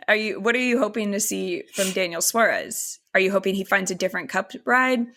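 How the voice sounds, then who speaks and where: A woman co-hosts a podcast in casual conversation, speaking at medium pitch and a moderate pace with a fairly bright tone. She swears freely, laughs often, and steers the questions.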